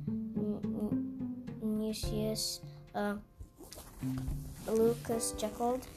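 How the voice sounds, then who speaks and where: A woman reading a children's novel aloud, halting and stumbling over words. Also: a little high, fairly even intonation, loud music behind the voice. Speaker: storybook reader.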